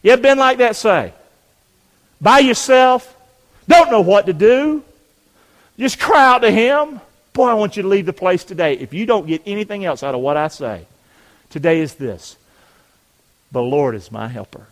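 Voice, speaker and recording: Preacher shouting in a church hall. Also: male voice, high voice, animated, moderate pace, pauses often. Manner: preaching with call-and-response, rising to shouts. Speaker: pastor. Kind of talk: sermon. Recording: long hall reverb.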